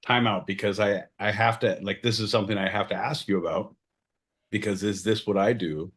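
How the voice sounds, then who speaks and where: A man co-hosting a podcast, joking loudly, interrupting and swearing, with sudden jumps in pitch. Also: fairly even intonation, brisk, breathy edge. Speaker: podcast co-host. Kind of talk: rowdy comedic banter.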